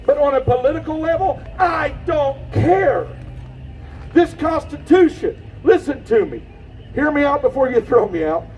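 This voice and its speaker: A man giving an impassioned rally speech outdoors, preaching and shouting at the crowd. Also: very high-pitched, animated, moderate pace, distant mic, a little hiss or hum, low-quality recording. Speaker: rally speaker.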